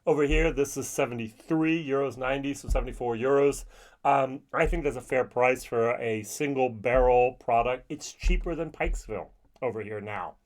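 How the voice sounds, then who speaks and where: A man talking casually in a whiskey review, chatty and animated, acting out the people he meets in quick little voices. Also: mid-range voice.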